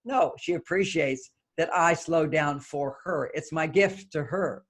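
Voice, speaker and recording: An older man, a guest author being interviewed, speaks in a slightly high, gravelly voice at normal speed with few pauses. He explains his ideas with animation, acting out little dialogues along the way.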